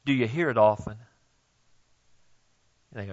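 A man's voice: medium pitch, steady tone, unhurried, lo-fi sound. An older man preaching a sermon in a folksy, conversational way, speaking directly to the congregation. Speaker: pastor.

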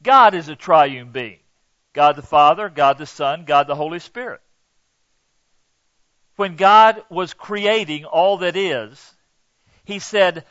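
A man's voice: fairly high pitch, slow pace, pauses often, fairly bright tone, no echo, lo-fi sound. A male pastor preaching a sermon in an earnest, emphatic way, acting out quoted lines.

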